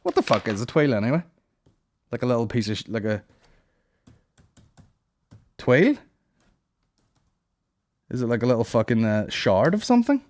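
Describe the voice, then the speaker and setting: A man's voice: medium pitch, very animated, fast talker, a little mellow, no echo. A young man hosting a comedy podcast, rambling and swearing in a casual monologue. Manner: rambling, profane, puts on silly voices.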